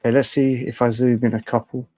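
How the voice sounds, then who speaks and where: A man's voice: medium pitch, little pitch movement, fast, dark tone, no room sound. A man hosting a late-night live fan stream, chatty and rambling, often laughing and swearing freely. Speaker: fan show host.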